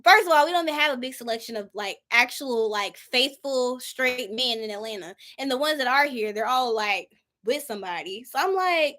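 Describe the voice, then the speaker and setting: A woman's voice: high voice, lively intonation, moderate pace, pushed and bright. A woman in her twenties leading a Bible study in a casual, informal way, acting out her own prayers as she talks. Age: 20s.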